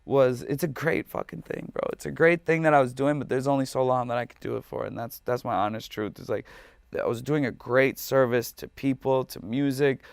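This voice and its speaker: A man's voice: mid-range voice, brisk, vocal fry, no room sound, clean studio sound. A man speaking as a musician guest in an interview, candid, emotional and passionate, swearing freely.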